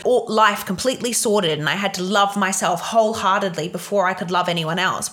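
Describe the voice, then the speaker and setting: A woman's voice: mid-range voice, sharp tone. A young woman hosting a solo podcast, talking frankly and emotionally about relationships and swearing freely. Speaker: podcast host. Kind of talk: candid solo podcast monologue.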